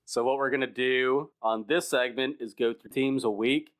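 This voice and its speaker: A man's voice: medium pitch, steady tone, normal speed. Upbeat man running a sports podcast. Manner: upbeat, playful, leads segments. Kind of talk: casual sports chat.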